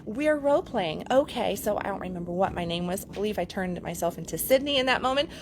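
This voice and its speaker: A woman's voice: lowish voice, lively intonation, quick pace, noisy background. A middle-aged woman, a relationship coach, telling a candid story to her camera in a chatty vlog, laughing easily. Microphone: camera mic.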